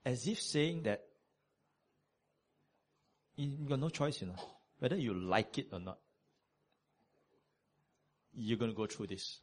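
Lively, animated male preacher. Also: mid-range voice, takes it slowly, pauses often. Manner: animated, conversational preaching with many fillers. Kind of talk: sermon.

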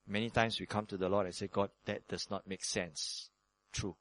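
A man preaching a sermon as pastor, acting out prayers in quick shifts of voice. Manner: lively preaching, acts out prayers in sudden higher voices.

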